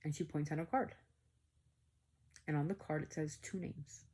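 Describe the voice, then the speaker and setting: Woman, deep voice, casual vlog storytelling, lively, talks straight to viewers. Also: normal speed, slightly rough. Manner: animated, acts out quoted dialogue, many "like" fillers. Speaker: family vlogger telling a story.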